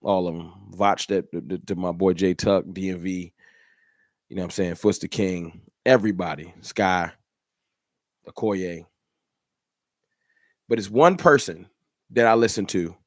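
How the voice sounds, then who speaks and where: A man's voice: low voice, a little slow, long pauses, no room sound, clean studio sound. A man hosting a fan channel livestream, ranting in an emphatic, repetitive, slangy way. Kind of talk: livestream rant.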